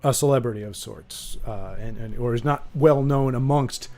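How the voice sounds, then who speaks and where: A man's voice: medium pitch, normal speed, a little mellow. A man hosting a livestream, talking in a rambling, playful, self-correcting way to his chat. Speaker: streamer host.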